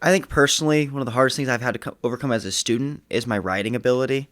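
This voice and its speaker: A man's voice: medium pitch, racing, a bit bright, no echo. Earnest young man, dry close sound. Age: young adult. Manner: earnest, reflective, some restarts. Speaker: graduating high school senior. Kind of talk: casual podcast interview.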